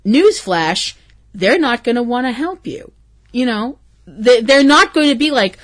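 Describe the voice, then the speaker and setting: A woman hosts a casual solo podcast, talking in a loose, rambling way with plenty of ums and the odd curse word. Her voice sits a bit high and swings widely up and down as she rants. She sounds a little stuffy from hay fever. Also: sing-song, normal speed. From Irish and Canadian heritage. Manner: rambling and candid, with frequent ums and swearing. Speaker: podcast host.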